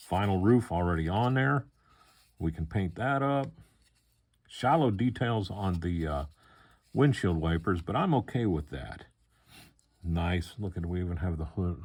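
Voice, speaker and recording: An older man chatting casually as he unboxes a model car kit, relaxed and rambling, with lots of fillers. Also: sits low, slightly rough.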